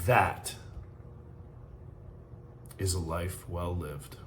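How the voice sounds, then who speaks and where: A man's voice: low voice, fairly even intonation, slow pace, pauses often, slight background noise. A man hosting a podcast, delivering a fervent, emotional motivational monologue. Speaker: podcast host. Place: hotel room.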